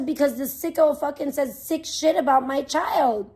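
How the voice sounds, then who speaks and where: A woman livestreaming, ranting in a profane, defensive way that swings between muttering and loud outbursts. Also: sits high, normal speed. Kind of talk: casual livestream rant.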